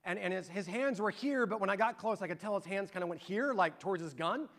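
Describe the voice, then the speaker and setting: A middle-aged man preaching a sermon and telling an animated, excited story to his congregation. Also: high-pitched, fast. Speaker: pastor.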